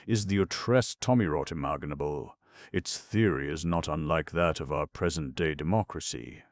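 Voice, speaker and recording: A foppish, idle gentleman sleuth, as a man reads him aloud drawls his words without emotion and with an airy, mocking ease. The voice sits very low, with a gravelly edge, in a dry, close recording. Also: no echo. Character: languid, foppish gentleman detective, adult man. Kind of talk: audiobook character reading.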